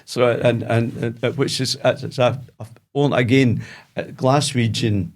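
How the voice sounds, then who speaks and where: A Scottish man in casual podcast chat, hesitant and halting. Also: medium pitch, fairly even intonation. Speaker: podcast co-host.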